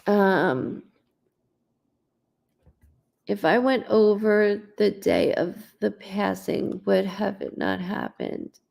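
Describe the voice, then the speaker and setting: A woman's voice: mid-range voice, big pitch swings, drawn-out words, vocal fry, long pauses, a little mellow. A woman psychic medium in casual livestream chat, rambling, greeting viewers by name and swearing now and then, recorded at home on her laptop mic.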